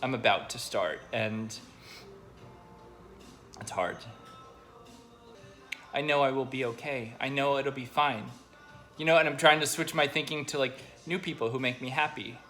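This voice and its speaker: A young man talks straight into his own camera, his voice catching as he stays on the edge of tears. He speaks in a halting way, full of pauses and fillers, at a medium pitch. Soft music plays faintly behind him. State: choked up. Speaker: vlogger. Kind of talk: personal video diary.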